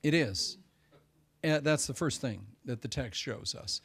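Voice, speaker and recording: A man preaching a Sunday sermon as pastor, swinging between loud emphasis and hushed asides. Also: mid-range voice, unhurried, gravelly, slightly rough.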